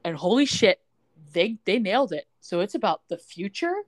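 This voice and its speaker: A woman co-hosting a podcast in casual chat, recapping a TV episode in an excitable, sarcastic way and swearing freely. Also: mid-range voice, moderate pace. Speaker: podcast co-host.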